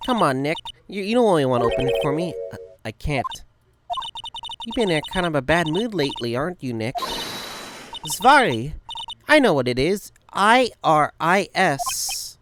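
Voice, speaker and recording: A woman's voice: sits low, very animated, normal speed, music in the background. A woman voicing a playful young female spirit medium in a game, read aloud. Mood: teasing. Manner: playful, teasing.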